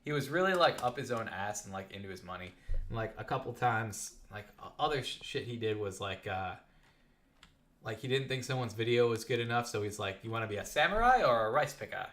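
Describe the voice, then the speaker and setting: Low-voiced young male streamer, chatty and rambling, telling stories mid-game. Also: fairly quick. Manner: rambling and animated. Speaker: gaming live streamer. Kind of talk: casual storytelling while playing.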